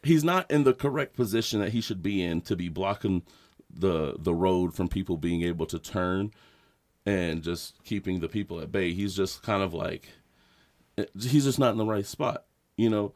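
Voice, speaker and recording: A man's voice: sits low, moderate pace. A man co-hosting a podcast, telling a rambling story in casual chat, swearing and laughing as he goes. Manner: rambling, animated, swears a lot, laughs often. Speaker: podcast co-host.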